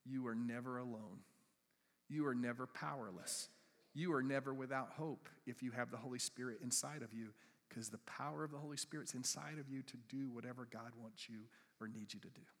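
A male pastor preaching a sermon, swinging between loud emphatic bursts and hushed, soft passages. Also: medium pitch, brisk. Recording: reverberant church hall.

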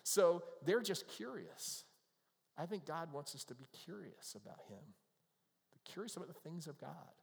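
A middle-aged man preaching a sermon in a church, his slightly high voice ringing out with a long reverb tail. He talks to the congregation conversationally, sometimes acting out the voices of people in the scripture. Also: animated, normal speed, gravelly, husky. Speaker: pastor.

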